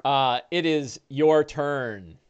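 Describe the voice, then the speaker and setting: A man narrating as game master, describing combat and breaking into loud monster voices. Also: medium pitch, very slow, clear, resonant tone, dull audio. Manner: lively narration with shouted orc voices.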